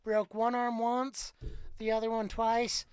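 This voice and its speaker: A man's voice: very high-pitched, monotone, a little slow, clear, resonant tone, dry recording, studio quality. A man who rides rodeo, chatting and joking easily about his injuries. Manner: joking, easygoing. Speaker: rodeo cowboy guest. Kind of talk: casual chat.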